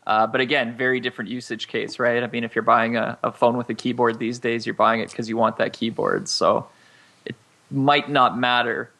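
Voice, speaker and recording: A man's voice: medium pitch, fairly even intonation, moderate pace, vocal fry, bright, forceful tone. A man chatting casually as a regular panelist on a tech podcast, thinking aloud and hedging with fillers.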